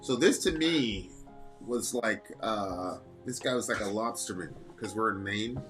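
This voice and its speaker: A man's voice: lowish voice, lively intonation, a little slow, fairly bright tone, faint music behind. A man co-hosting a reaction video, chatting casually and rambling with lots of fillers. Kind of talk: casual chat, reading lyrics aloud.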